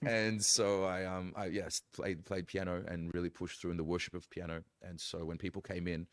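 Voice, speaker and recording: A man, a pastor, telling his story in casual chat, animated, acting out quoted lines with big jumps in voice. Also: deep voice, normal speed, no echo.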